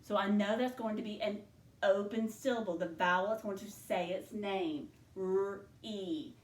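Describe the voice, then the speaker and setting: A woman teaching a second grade phonics lesson, slowly sounding out syllables in a clear teacher voice. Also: mid-range voice, steady tone, reverberant.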